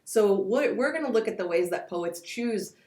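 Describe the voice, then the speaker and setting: A woman's voice: medium pitch, animated, normal speed, dark tone, echoey room. A woman teaching poetry, introducing her course and reading lines of verse aloud to show their sound. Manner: explains with spoken examples and reads poem lines aloud.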